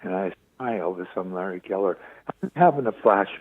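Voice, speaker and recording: A man in his seventies, a radio interview guest, telling stories with lively acted-out quotes. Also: deep voice, fast, no room sound. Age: 70s. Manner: lively storyteller acting out quoted voices. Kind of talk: phone-in radio interview storytelling. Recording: tinny dry phone line.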